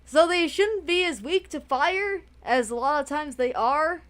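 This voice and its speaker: A woman's voice: high voice, a little slow, fairly bright tone. A woman chatting beside a gamer, amused and teasing, explaining things. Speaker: co-commentator beside the player. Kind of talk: casual chat.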